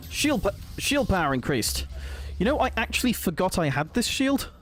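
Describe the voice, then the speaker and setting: A man's voice: high voice, big pitch swings, moderate pace, fairly bright tone. A man streaming a shooter game, commentating and chatting with viewers, exclaiming at the action and laughing often.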